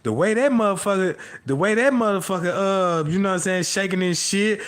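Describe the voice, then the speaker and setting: Man, high voice, rambling profane comic rant on a live stream, keeps checking in with listeners. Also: brisk, a bit bright. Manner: profane, repeats "you know what I'm talking about".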